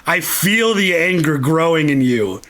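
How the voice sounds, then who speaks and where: A man voicing a scheming, smug old male emperor who taunts his foe, in a low, slow way. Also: lively intonation, a bit bright. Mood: taunting.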